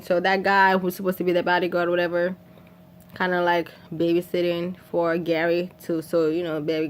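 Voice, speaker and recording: A woman from Haiti talks through a film in a loose, chatty recap. She laughs often and slips into the characters' lines, dropping to a whisper for some and jumping high for others. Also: a little hiss or hum. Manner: animated, laughs often, acts out quotes in whispers and shrieks. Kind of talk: casual storytelling recap.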